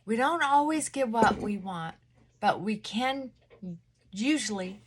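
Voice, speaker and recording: A woman vlogging a casual morning chat while getting ready at her mirror at home, talking in a reflective, self-coaching way that moves between brisk, pushy speech and a slowed, softened, almost whispered tone. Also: on the high side, expressive, husky. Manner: drops to a soft, near-whispered voice at times.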